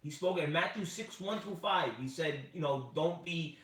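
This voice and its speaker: A man's voice: on the high side, moderate pace, fairly bright tone, distant mic. A man co-hosting a casual chat, earnest and preachy, bringing in his faith. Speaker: podcast co-host. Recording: echoey room, off-mic.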